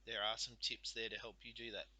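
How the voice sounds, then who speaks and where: Bright, dry-voiced teacher sounding out words. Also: male voice, lowish voice, flat delivery, breathy edge, no echo, low-quality recording. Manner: slow, careful, sounds out letters and syllables. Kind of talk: recorded spelling lesson.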